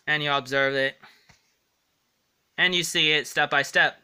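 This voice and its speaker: Earnest rambling male vlogger, fairly high, very bright tone. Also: fairly even intonation, measured pace, smooth. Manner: rambling, stumbling over words, earnest. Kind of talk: rambling casual vlog monologue.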